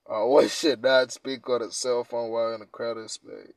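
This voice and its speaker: A man hosting a casual podcast, reading quiz questions aloud and reacting in profane slang, dropping to mumbles and then bursting out loud. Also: medium pitch, little pitch movement, moderate pace, few pauses, dry recording. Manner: laid-back, profane slang, swings from mumbling to loud outbursts. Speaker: podcast host.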